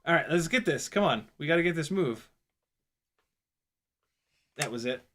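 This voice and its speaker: A young man giving casual running commentary while flying a drone, excitable, often exclaiming and laughing, swearing casually. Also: fairly high pitch, normal speed. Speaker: FPV drone pilot and video host.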